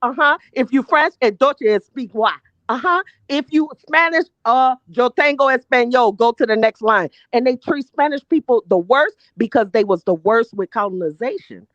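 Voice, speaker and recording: A woman guesting on a casual commentary chat, her voice a little high. She talks emphatically, leans on slang, and cuts in often with quick remarks. The sound is dry and dull, with a lo-fi feel. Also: a bit bright, no echo. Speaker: guest co-host.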